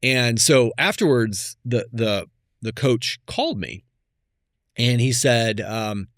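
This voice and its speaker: A man in his fifties, a podcast guest, telling stories in a reflective, conversational way that often trails off softly. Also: mid-range voice, slow pace, no room sound, studio quality. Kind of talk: casual conversation.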